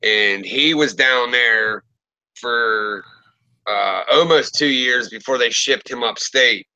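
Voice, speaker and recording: A man's voice: medium pitch, slow, no room sound, poor audio. A man from the Pittsburgh area telling profane stories in casual chat, acting out what people said. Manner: profane, animated storyteller acting out quotes. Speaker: podcast host.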